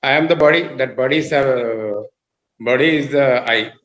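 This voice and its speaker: Man on a video call, mid-pitched, hesitant answers with pauses; echoey room sound. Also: fairly bright tone, lo-fi sound. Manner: hesitant, searching for words. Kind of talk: answering a question.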